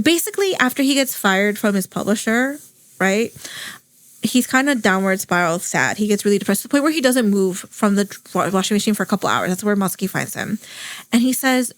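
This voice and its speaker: A woman's voice: fairly high pitch, fairly quick, no room sound. A young woman hosting a podcast, chatting casually and gushing as she retells a show's story. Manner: gushing, animated storytelling with lots of "like". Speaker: podcast host. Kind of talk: casual chat.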